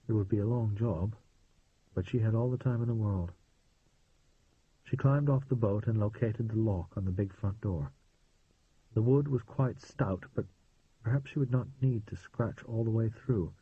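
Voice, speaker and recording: Husky man reading a novel aloud. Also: on the low side. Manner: steady, measured reading. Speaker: audiobook narrator. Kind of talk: scripted narration. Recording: tinny phone-like dry sound.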